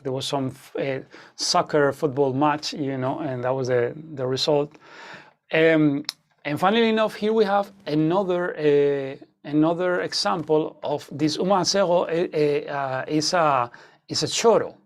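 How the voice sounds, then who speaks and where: A man's voice: a little high, a little slow. A man teaching an online guitar masterclass, explaining rhythms with frequent fillers and "okay?" check-ins.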